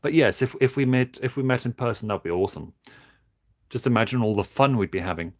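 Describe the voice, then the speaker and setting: A man streaming casually while building toys, talking in a flat, monotone way with many halting restarts. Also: mid-range voice. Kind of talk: casual livestream chat.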